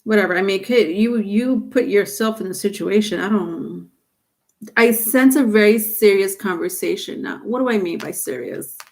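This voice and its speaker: A woman's voice: medium pitch, moderate pace, vocal fry. A woman giving a live-streamed tarot reading, rambling with many fillers and restarts. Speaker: tarot reader.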